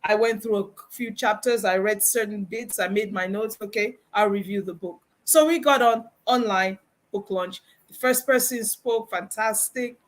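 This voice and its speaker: A woman guest on a video-call talk show, telling a story with lively, expressive delivery and acting out the lines of people she quotes. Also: mid-range voice, normal speed. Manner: expressive, acts out quoted dialogue. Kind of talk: animated storytelling chat.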